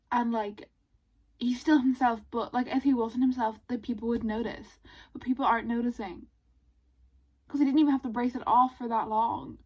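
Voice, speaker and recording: A chatty woman talking through her reading in a casual vlog. Her voice sits a little high, and she gushes one moment and groans in exasperation the next. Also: slightly rough, rough recording. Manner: chatty, excitable, gushing and exasperated asides. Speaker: book vlogger.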